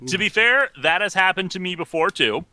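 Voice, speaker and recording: A man's voice: high-pitched, expressive, fairly quick, pushed and bright. A man talking as a guest in casual chat, earnest and analytical. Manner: earnest, analytical film talk.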